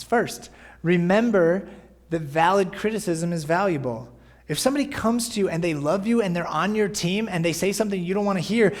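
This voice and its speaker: Friendly-paced male pastor, sermon podcast, chatty delivery, fairly high voice. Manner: conversational, often asking "right?".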